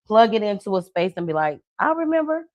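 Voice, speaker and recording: A woman who is a love coach and podcast host, chatting casually, telling lively stories and acting out the people she quotes, with slangy talk. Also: mid-range voice, fast, dry recording, highs cut off. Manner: animated storytelling, acts out quoted people; slangy, conversational.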